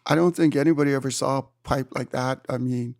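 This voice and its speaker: A man in his seventies from Hawaii, an interview guest telling surf stories in an animated way and acting out his own exclamations. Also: medium pitch, fast talker, no echo, studio quality. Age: 70s. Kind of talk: storytelling in a conversation. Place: room.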